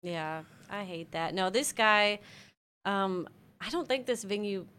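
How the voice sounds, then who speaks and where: A woman in her thirties, a keyboardist guest telling animated stories in a casual podcast chat. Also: mid-range voice, slow, clean tone. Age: 30s. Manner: animated storytelling with laughter.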